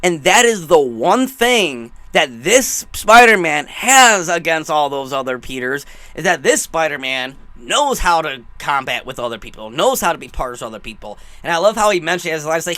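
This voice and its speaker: A young man giving an excited, rambling movie review, gushing and emotional as he talks. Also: fairly high pitch, moderate pace, no echo.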